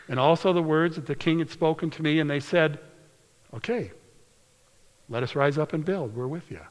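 A man preaching a sermon, reading scripture aloud in an earnest way and slowing down or dropping to a hushed whisper for emphasis. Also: on the high side. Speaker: pastor. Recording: long hall reverb.

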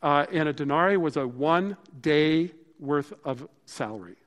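A male pastor delivers a sermon in a chatty, conversational way, his voice sitting a little higher than most men's. He swings from animated bursts to quiet, hushed moments, and a long hall reverb trails each phrase. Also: unhurried.

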